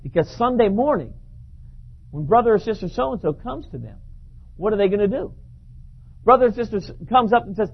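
A man preaching a sermon, telling a story in an animated way and often repeating words. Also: high voice, fairly quick, vocal fry, pauses often, breathy edge. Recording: dull lo-fi recording.

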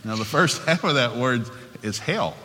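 A man in his sixties with a Southern US accent, preaching a joking, folksy sermon quickly in a large church hall. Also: medium pitch, lively intonation, heavy background noise. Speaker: pastor. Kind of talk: humorous sermon.

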